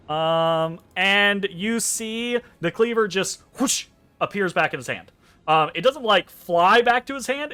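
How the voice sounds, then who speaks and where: Male game master, bright and lively, swears and ums a lot, faint music underneath. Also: fairly high pitch. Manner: animated, profane, lots of ums. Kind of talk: narrating a tabletop game.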